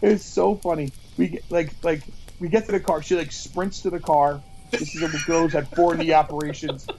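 A man's voice: a little high, normal speed, gravelly, a little hiss or hum, low-quality recording. A man co-hosting a podcast, telling a story animatedly among friends at a campfire, stumbling over restarts. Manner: animated storyteller, acts out quotes, stammers on restarts. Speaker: podcast co-host. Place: outdoors at a campfire.

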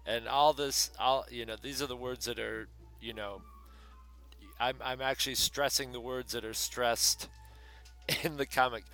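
Sex: man. Style: casual chat, co-hosting. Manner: rambling, filler-heavy storytelling. Tone: bright. Behind: faint music. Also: mid-range voice, fairly even intonation, a little slow. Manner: rambling retelling with many fillers.

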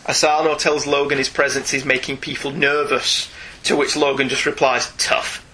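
A man's voice: mid-range voice, low-quality recording. A man co-hosting a comics podcast, chatting enthusiastically and animatedly. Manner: enthusiastic, animated, quick laughs. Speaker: podcast co-host. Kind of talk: casual chat about comics.

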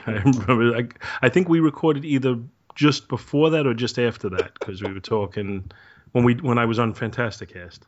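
Measured male podcast co-host. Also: mid-range voice, slight background noise. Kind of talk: casual chat. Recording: slightly muffled lo-fi audio.

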